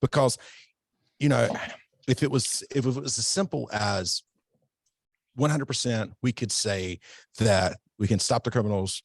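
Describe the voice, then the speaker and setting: A man's voice: fairly low pitch, no echo. A man who teaches self-defense, talking casually and at length in a podcast interview, often restarting his sentences. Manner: relaxed, rambling, self-correcting.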